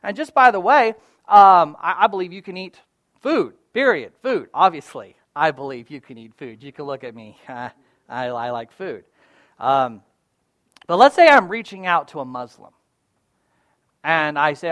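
Preacher, conversational with emphatic swings. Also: male voice, lively intonation, a little slow, dry recording. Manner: conversational preaching with frequent "all right?" and "right?" check-ins; swings between loud emphatic stresses and quiet low asides. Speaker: pastor. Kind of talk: sermon.

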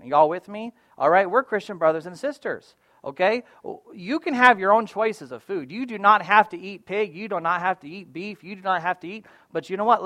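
A man preaching a sermon as a pastor, casual and conversational, often checking in with "right?" and moving between loud emphasis and quiet asides. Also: sits high, dry recording, studio quality.

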